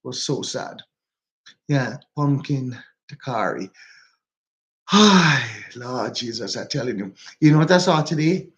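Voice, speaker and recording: A chatty man with a Jamaican accent talks to his livestream viewers, repeating phrases and greeting people by name. His voice sits at a middle pitch. The phone recording sounds slightly dull and lo-fi. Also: expressive, unhurried, pauses often, a bit bright. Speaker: livestream host. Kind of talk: casual livestream chat. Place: walking outdoors.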